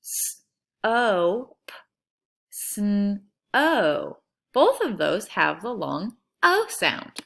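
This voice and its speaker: A woman teacher leading a phonics lesson for young children, sounding out words slowly in an encouraging, sing-song way. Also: medium pitch, sing-song, creaky, fairly bright tone. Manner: slow, stretched-out sounding of words.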